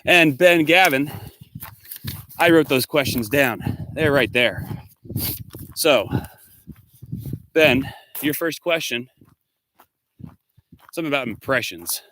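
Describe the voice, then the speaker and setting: A man's voice: medium pitch, lively intonation, slow, pauses often, bright, forceful tone. A male teacher talking casually to his students, rambling as he answers their comments one by one.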